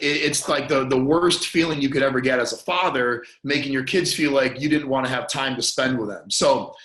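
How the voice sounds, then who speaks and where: A man's voice: mid-range voice, pushed and bright. An earnest man tells a painful personal story as a podcast guest, stumbling through restarts and repeated words. His voice catches with emotion now and then. The sound has a roomy echo around it. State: choked up at moments.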